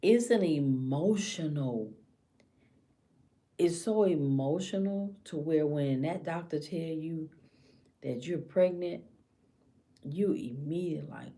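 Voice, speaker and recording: Low mellow-voiced woman vlogging. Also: animated, slow pace. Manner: impassioned, slips into hushed whispers acting out a scared woman's thoughts. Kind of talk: casual monologue to camera.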